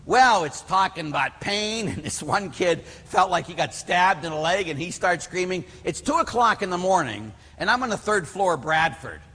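A middle-aged priest from Pittsburgh with a husky voice, preaching through animated stories told with many fillers. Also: male voice, high voice, normal speed, few pauses, long reverb tail. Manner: animated storyteller acting out quotes, many fillers. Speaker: Catholic priest. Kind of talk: storytelling sermon.

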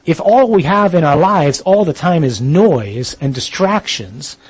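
A man preaching to his listeners, earnest and blunt, with the odd joking aside. His voice sits a bit high for a man and has a husky grain. The sound is close and dry, with no room tail at all. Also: expressive, unhurried, no echo, poor audio. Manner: talks straight to the listener. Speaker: Catholic priest. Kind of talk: sermon-style talk on chastity.

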